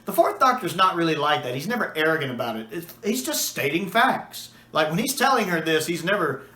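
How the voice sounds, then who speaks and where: A man's voice: a little high, big pitch swings, a little fast, bright, forceful tone, echoey room. A man chatting casually and enthusiastically as a video reviewer, with a few restarts and fillers. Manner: enthusiastic, acts out quoted lines.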